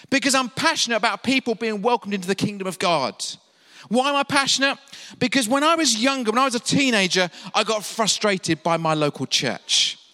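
English guy preaching, high bright voice, lots of questions, echoing church hall. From England. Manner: preaching with rhetorical questions and acted-out quotes. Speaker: pastor. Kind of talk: sermon.

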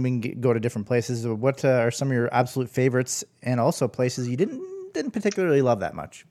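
Man, podcast host, casual, rambling, lots of fillers, mid-pitched voice. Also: darkish tone. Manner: rambling, many fillers and restarts.

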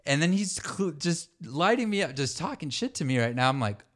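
A young adult man co-hosting a podcast, telling a story in a relaxed, casual way, laughing often and swearing freely. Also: a little high, brisk. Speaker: podcast co-host. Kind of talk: casual chat.

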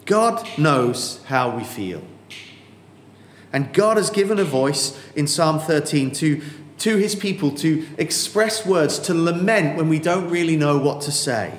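A man preaching a sermon, earnest and emphatic, slowing down with dramatic pauses on key words. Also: on the high side, expressive, slight background noise. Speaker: pastor. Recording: echoey hall with faint ambience.

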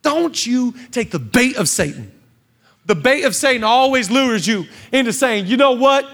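A man in his thirties preaching a sermon as pastor, swinging from hushed confession to shouted exhortation. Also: extremely high pitch, very animated, a little slow. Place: church stage.

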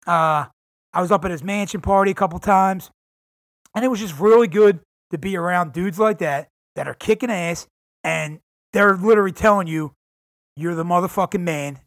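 A man's voice: high voice, moderate pace, no echo, studio quality. A man talking alone on his podcast, hyped and profane, calling his listeners "guys" again and again. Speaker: podcast host. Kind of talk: casual solo podcast monologue. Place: home in San Diego.

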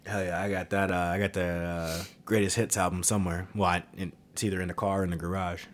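A man in his thirties hosting a podcast, chatting in a relaxed and rambling way and swearing casually. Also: deep voice, fast talker. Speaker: podcast host. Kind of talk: casual chat.

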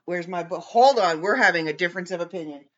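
A woman hosting her own podcast in casual chat, animated and playfully bickering with someone off-mic. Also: on the low side, quick pace, dull audio. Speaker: podcast host.

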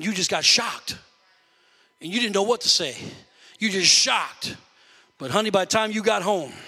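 A man preaches to his congregation in a high, bright voice. He talks in a lively, conversational way and keeps calling out to the church. The sound carries a long echo from the church hall. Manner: animated, conversational preaching with church call-outs. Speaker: pastor. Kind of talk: sermon.

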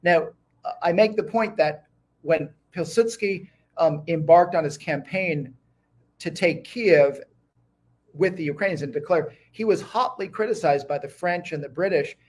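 Eager, fairly high-voiced male historian. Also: measured pace. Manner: eager, talks in bursts with many restarts. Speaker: guest historian. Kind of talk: conversational interview.

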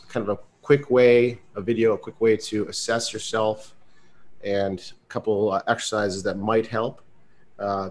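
A man co-hosting a podcast, casually telling a story with fillers and frequent laughs. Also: lowish voice. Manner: loose storyteller, laughs often, many fillers. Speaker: podcast co-host.

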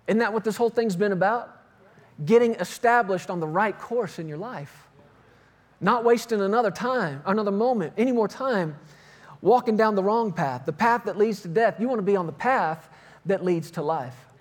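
A man with a very high voice preaches. He reads scripture slowly and deliberately, stretching key words, then slips back into relaxed storytelling. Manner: reads scripture slowly with emphasis, tells stories in between. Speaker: pastor. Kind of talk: sermon.

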